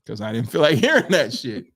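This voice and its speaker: A man co-hosting a podcast, telling a story in casual chat, animated, acting out quotes and laughing often. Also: medium pitch. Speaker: podcast co-host.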